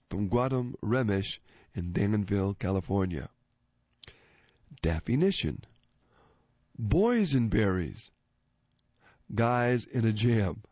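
A man hosting a joke segment, reading listener jokes aloud in an animated way and chuckling after the punchlines. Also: on the low side, dry recording. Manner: animated, switches voices for joke characters. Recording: dull, dry lo-fi recording.

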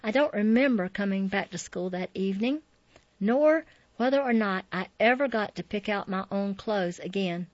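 A woman reading a memoir as an audiobook in a soft, reflective way. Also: medium pitch, moderate pace, no echo. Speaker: narrator. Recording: dull, dry lo-fi audio.

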